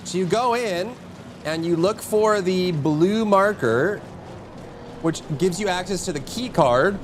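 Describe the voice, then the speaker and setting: A man's voice: takes it slowly, a little hiss or hum. A man streaming live, talking his chat through a game and yelping at enemies. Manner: excitable, jumps to high yelps and mock insults at enemies. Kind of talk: live gameplay commentary.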